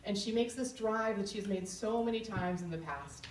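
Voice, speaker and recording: A woman's voice: medium pitch, normal speed, a little hiss or hum. A woman telling a personal story on stage at a live event, candid and emotional in an earnest way. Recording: roomy hall, distant mic, faint ambience.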